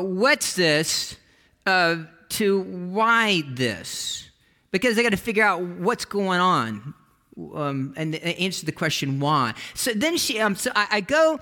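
A man's voice: high voice, bright, forceful tone. A man preaching a sermon as pastor, telling stories in a conversational way with frequent restarts.

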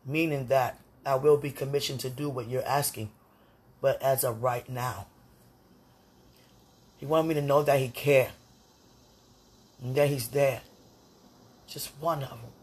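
A podcast host speaking aloud to God and a loved one in an emotional, pleading personal monologue, drifting from soft murmurs to loud declarations. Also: mid-range voice, fairly even intonation, measured pace, long pauses, husky.

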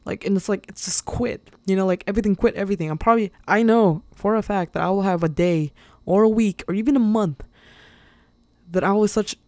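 A woman's voice: mid-range voice, brisk, a little mellow, no echo. A woman hosting her own podcast, talking in a casual, rambling, earnest way, with many fillers and little laughs. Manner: openly emotional and earnest. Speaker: podcast host. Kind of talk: casual solo podcast monologue.

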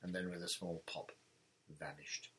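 A man reading a novel aloud in a steady, even narrating manner. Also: deep voice, a little slow, slight background noise. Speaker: audiobook reader.

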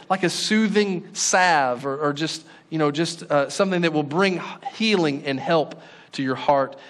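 Earnest pastor preaching, slightly high voice. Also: male voice. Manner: earnest, rising in fervor on exhortations, dropping soft and low on sorrowful lines. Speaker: lead pastor. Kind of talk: sermon.

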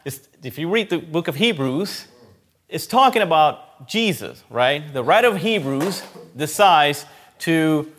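A man delivers a sermon in a fairly high voice. He is emphatic, presses his points by repeating them, and swings between loud, raised lines and quiet, low ones. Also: animated, unhurried, a little hiss or hum. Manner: emphatic, repeats key phrases, rises and drops in loudness. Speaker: preacher.

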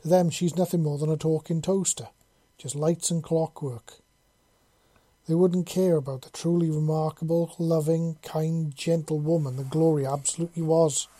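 An audiobook narrator reads a fan fiction chapter aloud at a steady, even, normal pace. The mid-range voice is very dark and mellow, and the recording is dry and close with no echo or room sound.

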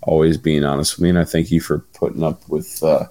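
A man co-hosting a podcast, talking in a halting, laid-back way with many fillers. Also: extremely low pitch, flat delivery, dark tone, no echo. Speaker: podcast co-host. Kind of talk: casual chat.

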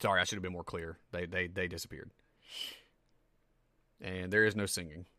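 Low, bright-voiced man running a game. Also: steady tone, normal speed, dry recording. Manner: rambling, filler-heavy narration. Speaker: game master. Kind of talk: narrating a tabletop game.

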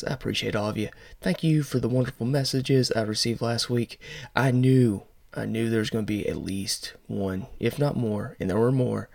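A man's voice: lowish voice, gravelly, a little mellow, no echo, clean studio sound. A man hosting a casual podcast about toys, telling a joke and chatting playfully with listeners. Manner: jokey, self-deprecating, playful asides. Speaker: podcast host. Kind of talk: casual joke-telling and toy news chat.

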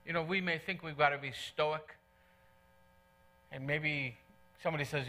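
Bright, high-voiced preaching man. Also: fairly even intonation, moderate pace, long pauses. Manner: earnest, conversational preaching with repeated phrases. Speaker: pastor. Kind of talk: sermon. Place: church.

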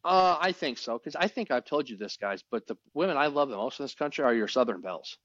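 A man co-hosting a casual podcast chat, excitable and rambling, often restarting his words. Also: medium pitch, fast talker, dry recording. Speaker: podcast co-host. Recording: dull, dry, lo-fi podcast audio.

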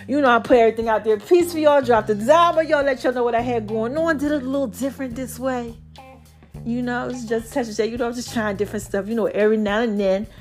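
Animated New York woman podcaster. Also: fairly high pitch. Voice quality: animated, drawling, breaks into song. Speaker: podcast host. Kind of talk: casual motivational monologue.

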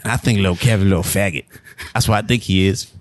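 A man's voice: sits low, fast talker, no echo. A man improvising a crude, rambling confession in a comedy bit. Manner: crude, rambling, lively delivery. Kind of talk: improvised comedy role-play.

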